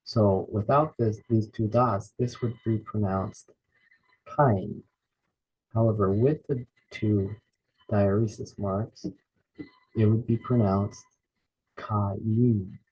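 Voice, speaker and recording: A man with a fairly low, slightly husky voice leads a beginner Bible study lesson. He talks slowly and patiently, taking each point step by step and sounding words out carefully. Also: steady tone, a little mellow, rough recording.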